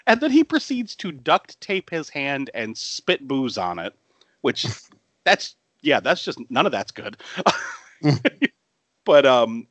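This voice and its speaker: A man who hosts a podcast retells a film scene by scene in loose, casual chat. His pitch jumps around a lot as he laughs and swears his way through it. The recording sounds dry and close, with almost no room sound. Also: no echo. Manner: animated, laughs often, swears freely. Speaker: podcast host.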